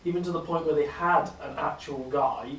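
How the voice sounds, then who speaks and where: A man's voice: a little high, fairly even intonation, brisk. A man in casual chat who firmly insists he is right. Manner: insistent, argues his point. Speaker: podcast co-host. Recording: roomy, far from the mic.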